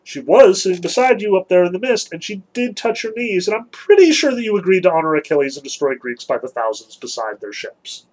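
A man's voice: sits high, very animated, brisk, few pauses, a little mellow, poor audio. A man doing a sarcastic, suspicious goddess queen. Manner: sarcastic, needling.

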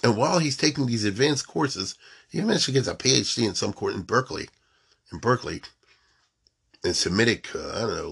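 A man's voice: fairly low pitch, gravelly, fairly bright tone, husky. A man giving an informal storytelling lecture, mixing in Hebrew and Yiddish terms and often checking that his listeners follow.

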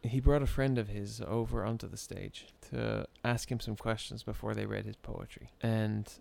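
A man telling a story in casual chat, animated and often breaking into laughter. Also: on the low side, normal speed, vocal fry.

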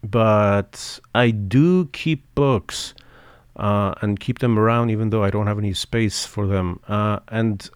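Man, podcast co-host, casual chat, halting and filler-heavy, lowish voice, dry close sound. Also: clear, resonant tone, no echo. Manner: hesitant, halting, full of fillers.

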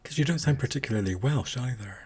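A man's voice: medium pitch, a little mellow, breathy edge. A man from Scotland hosting a podcast in casual, self-mocking chat. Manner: chatty, quick to laugh, self-mocking. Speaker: podcast host.

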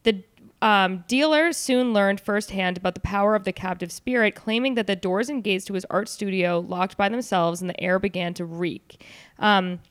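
A woman's voice: mid-range voice, moderate pace, dry recording, clean studio sound. A woman hosting a casual chat, reading out stories in a loose, joking way with fillers and asides. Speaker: podcast host.

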